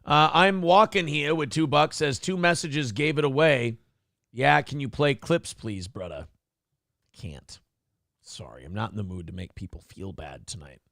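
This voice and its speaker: A man's voice: medium pitch, expressive, measured pace, fairly bright tone, no echo, studio quality. A man hosting a casual show, joking crudely, laughing often and reading viewer chat messages aloud. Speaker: morning show host.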